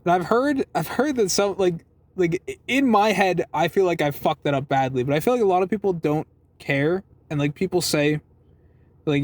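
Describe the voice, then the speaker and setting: With a high pitch, lively intonation and moderate pace, a young vlogger rambles from inside his parked car. Recorded on his phone, the casual clip is self-deprecating and packed with fillers and profanity.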